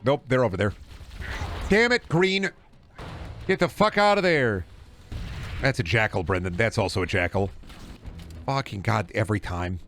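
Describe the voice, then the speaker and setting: A young man streaming a shooter game, rambling jokily, swearing a lot and bursting out loudly when things go wrong. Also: fairly low pitch, expressive, normal speed, pauses often, faint music behind. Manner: profane, jokey rambling with sudden loud outbursts. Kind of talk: casual gameplay commentary.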